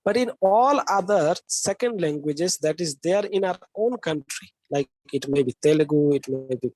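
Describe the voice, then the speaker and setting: Lecturer, male, Indian English accent, fairly high voice, dry close sound, keeps asking "okay?". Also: expressive, moderate pace, a little mellow, no echo, rough recording. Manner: talks with frequent "okay?" checks and questions to students. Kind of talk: classroom lecture.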